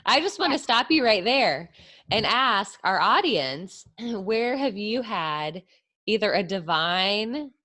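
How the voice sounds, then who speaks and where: A woman's voice: mid-range voice, big pitch swings, slow pace, pushed and bright. A woman hosting an interview, thoughtful, laughing easily between questions. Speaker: interview host.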